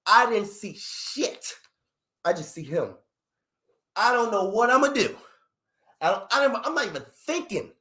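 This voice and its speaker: A young man telling a street story in slangy, animated talk, acting out other people's lines in raised voices. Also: sits high, measured pace, long pauses. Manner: acts out others' lines in raised voices, slangy, fillers like "you know what I mean". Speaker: storyteller recounting his past.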